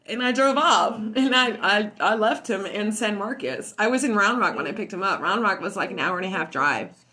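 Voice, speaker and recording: A woman at home casually telling a story, profane and animated, often laughing as she talks. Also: medium pitch, normal speed, poor audio. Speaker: vlogger.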